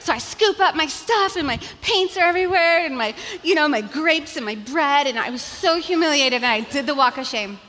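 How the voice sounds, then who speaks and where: A woman, a pastor's wife, telling a funny story to a church audience in an animated, chatty way, full of "like" and "you guys.". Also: sits high, moderate pace, few pauses, a little hiss or hum. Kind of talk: humorous storytelling talk to an audience. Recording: long hall reverb.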